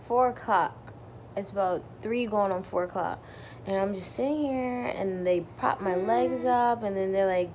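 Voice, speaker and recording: A woman's voice: mid-range voice, darkish tone, a little hiss or hum. A young woman vlogger telling a personal story in a casual, chatty way, full of "like" and acted-out quotes. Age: young adult. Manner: chatty, lots of "like", acts out quotes.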